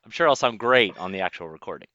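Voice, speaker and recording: A man's voice: low voice, animated, fast, sharp tone, no room sound. A man co-hosting a podcast, chatting casually and laughing easily, heard through a backup mic. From United States. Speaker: podcast co-host. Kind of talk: casual chat. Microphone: backup mic, low fidelity. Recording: dull, dry lo-fi mic sound.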